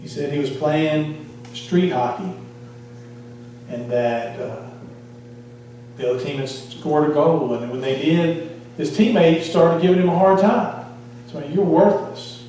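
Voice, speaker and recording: A man's voice: on the high side, a little slow, pauses often, warm tone, a little hiss or hum. A male pastor preaching a sermon, telling a story and putting questions to the congregation. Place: church sanctuary. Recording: echoey church hall, from far off.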